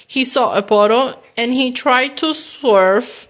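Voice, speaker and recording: Slow, gentle woman reading to kids. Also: a little high. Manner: gentle, animated reading with animal sounds. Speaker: children's storyteller. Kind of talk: children's picture book read-aloud.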